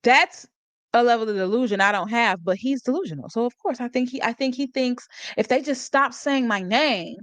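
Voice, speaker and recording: A woman's voice: fairly high pitch, normal speed, a bit bright, dry recording. A woman hosting a live stream, talking about a court case in a casual, sarcastic way, laughing often and reading out chat comments. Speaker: livestream host.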